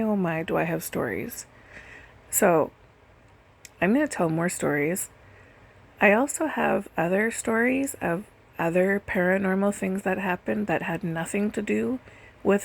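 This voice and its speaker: Slow, gravelly-voiced woman telling a story. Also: on the low side. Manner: chatty, lots of "like" and "literally". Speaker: nail and lash technician telling stories. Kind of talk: casual storytelling voice-over. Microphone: voice-over recorded separately.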